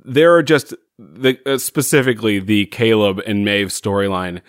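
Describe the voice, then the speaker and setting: A man's voice: lowish voice, moderate pace, no echo, studio quality. A man co-hosting a podcast, chatting casually and wryly about a TV episode and laughing often. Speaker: podcast co-host. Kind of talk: casual chat reviewing a TV episode.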